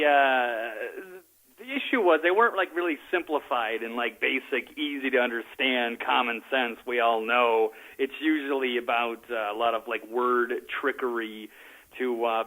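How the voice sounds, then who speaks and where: A man calling in as guest co-host, talking politics with many fillers, pauses and chuckles. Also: mid-range voice, bright, forceful tone, rough recording. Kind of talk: casual political chat. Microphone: phone call.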